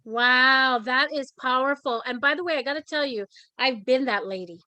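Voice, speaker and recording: Talk show host, woman, high and bright voice, frank, dry recording. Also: moderate pace, no room sound.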